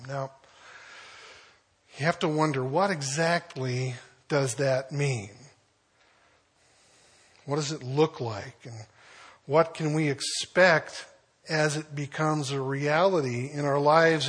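A man preaching in a relaxed, story-telling way, the kind of pastor who chuckles through his own anecdotes. His voice sits fairly high with a husky, breathy edge and a bright, forceful tone. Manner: folksy storytelling, chuckles as he goes. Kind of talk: conversational sermon.

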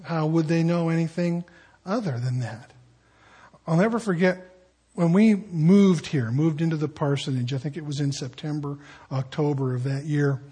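Husky-voiced pastor preaching in storytelling style. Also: male voice, a little high, normal speed. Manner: conversational storytelling, animated quoting of others. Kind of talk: sermon. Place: church sanctuary.

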